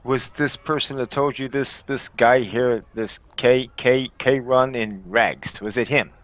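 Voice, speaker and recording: Man doing a gruff dwarf cleric, blunt, forceful questions, mid-pitched voice. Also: fairly even intonation, measured pace, close to an everyday voice. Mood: reasoning. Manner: forceful, interrogating.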